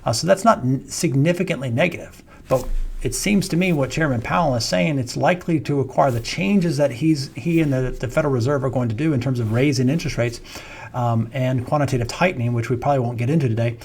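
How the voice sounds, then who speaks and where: A man's voice: mid-range voice, quick pace, a little mellow, breathy edge. A man who founded a wealth management firm, giving his monthly stock market commentary in a conversational way and walking viewers through charts step by step. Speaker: founder and chief investment officer, market commentator.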